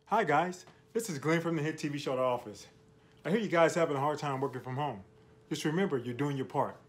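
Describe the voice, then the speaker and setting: A man's voice: on the high side, fast. A man recording a friendly video message, running through a list of safety tips in an upbeat way. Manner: upbeat, list-like advice delivery.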